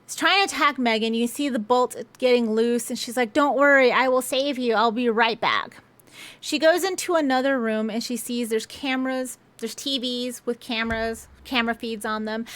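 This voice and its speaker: A woman's voice: on the high side, fairly bright tone. A young woman chattily recapping a film's plot with sarcastic asides, as a movie reviewer. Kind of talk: casual spoken film recap.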